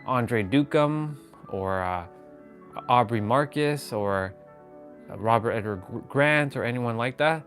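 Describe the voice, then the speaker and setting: A man's voice: mid-range voice, lively intonation, takes it slowly, fairly bright tone, soft background music. A man chatting casually on a live stream from his phone at home, rambling and greeting viewers by name. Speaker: vlogger. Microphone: phone on gimbal.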